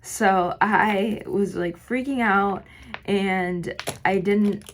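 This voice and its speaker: A woman vlogging while doing her makeup, telling a long personal story in a rambling, filler-heavy way, her voice slightly hoarse. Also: mid-range voice, fairly even intonation, drawn-out words, a little hiss or hum. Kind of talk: get-ready-with-me storytime.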